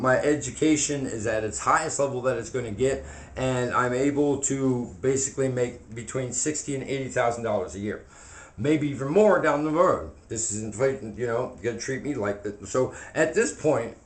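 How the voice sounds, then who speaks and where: Man, forties, walking vlog monologue, earnest and preachy, stumbles over repeated words, mid-pitched voice, handheld camera mic. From United States. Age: 40s. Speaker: vlogger. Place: outdoors on foot.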